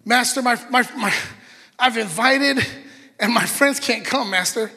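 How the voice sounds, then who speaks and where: Man putting on a jittery servant, high and pushed, pleading. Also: unhurried, pushed and bright, big-room sound, full character voice. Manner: pleading, stammering. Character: anxious servant reporting to his master.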